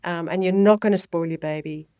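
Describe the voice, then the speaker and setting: A middle-aged woman, a child health nurse and midwife, giving clear, lively parenting advice in a podcast interview. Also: fairly low pitch, a little fast, no room sound, studio quality. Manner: explanatory, lively when voicing babies and parents.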